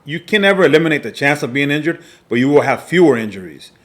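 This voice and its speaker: A male fitness coach teaches a lesson from slides, speaking emphatically and repeating himself on purpose while checking in often with his listeners. His voice is on the high side with lively intonation.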